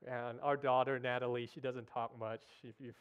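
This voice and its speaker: A man preaching a sermon in a church, earnest and emotional, halting with restarts as he speaks. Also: medium pitch, little pitch movement, clean tone, phone-quality sound. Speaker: guest preacher. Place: church sanctuary.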